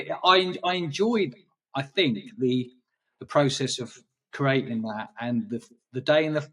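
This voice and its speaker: A man's voice: medium pitch, recorded from a distance. A man chatting in an interview about his photography, rambling and hesitant, with many restarts. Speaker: guest photographer. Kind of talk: casual interview chat.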